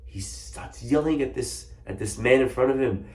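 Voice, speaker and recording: A man, a rabbi, telling a story in a Torah lesson, animated and acting out the characters. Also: mid-range voice, moderate pace, few pauses. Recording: echoey room.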